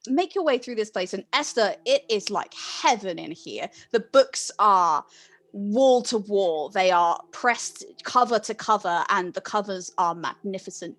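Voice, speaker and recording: A woman game master narrating a tabletop role-playing scene in a descriptive, relaxed way with frequent fillers. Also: mid-range voice.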